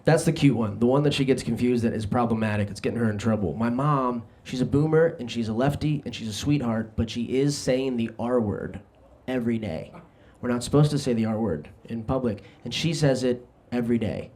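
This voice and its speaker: A young man doing a stand-up comedy set on a club stage, brash and self-deprecating, throwing quick asides at the crowd. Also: medium pitch, darkish tone. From New Jersey. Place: comedy club stage before a live audience.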